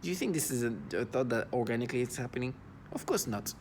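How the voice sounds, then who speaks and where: Gravelly, halting man venting on camera. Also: medium pitch, animated, a little hiss or hum. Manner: halting, full of restarts and fillers; agitated and disgusted. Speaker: vlogger. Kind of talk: personal video monologue.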